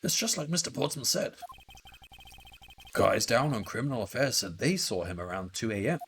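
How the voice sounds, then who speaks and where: A man's voice: mid-range voice, big pitch swings, moderate pace, fairly bright tone, slight background noise. A man reading the lines of an anxious, deferential male detective reporting to his boss. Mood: worried. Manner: deferential, worried.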